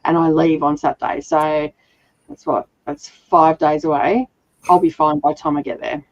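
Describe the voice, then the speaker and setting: A woman's voice: low-pitched, normal speed, dry recording, highs cut off. A woman hosting a livestream reading session, chatting casually and laughing often while nursing a sore throat. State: sore throat, slightly rough voice. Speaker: livestream reading sprint host. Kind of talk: casual chat.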